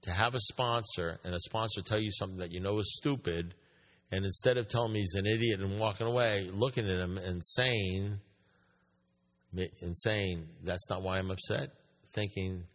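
A man's voice: sits low, moderate pace, fairly bright tone. A man speaking to a recovery group, telling a story with emphasis, repeating his points and asking the room questions. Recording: echoey hall.

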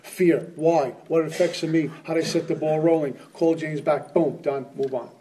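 A middle-aged man shares his story at a recovery meeting in an earnest, conversational way. His voice is very mellow and soft-edged, sitting a little high for a man. He sounds set back from the microphone. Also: steady tone, normal speed, recorded from a distance. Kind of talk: personal testimony talk.

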